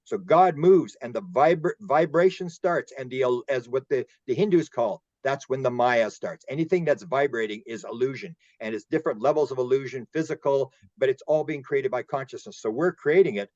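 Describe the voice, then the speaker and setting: A man speaks in a loose, rambling way, doubling back on words as he chases a thought. His voice is mid-pitched. The sound is dull and lo-fi, as if it comes over a call, and it is dry. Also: moderate pace, hardly any pauses, darkish tone, no echo. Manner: rambling, repeats words, acts out quoted voices. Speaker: UFO researcher and guest. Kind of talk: casual roundtable discussion.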